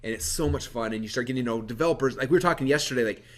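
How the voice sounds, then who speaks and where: A man presenting a webinar, telling his story to a live audience in a lively, animated way with many fillers. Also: mid-range voice. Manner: energetic, animated, quick-talking with many fillers.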